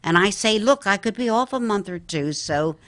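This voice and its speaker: A middle-aged psychic medium from the Philadelphia, Pennsylvania area tells earnest stories in an interview, calling the listener "honey." Her mid-range voice is animated and a bit bright, at a moderate pace.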